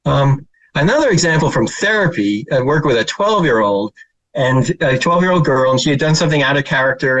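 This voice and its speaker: Poor audio and a dry recording carry a mid-range, fairly bright male voice. He's a middle-aged child therapist presenting with slides, narrating stories loosely with fillers and at times mimicking children.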